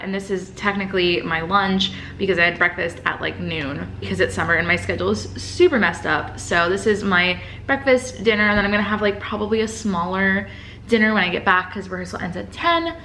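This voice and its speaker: A woman's voice: medium pitch, bright, forceful tone, slight background noise. Chatty, gushing young woman vlogger. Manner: chatty and gushing, heavy use of "like". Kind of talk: casual vlog talk to camera. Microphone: built-in compact camera mic.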